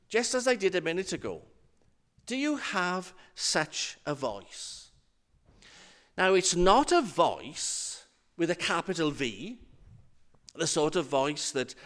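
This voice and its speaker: A man's voice: sits high, fairly bright tone. A man, a minister, preaching a sermon in an earnest, repetitive cadence.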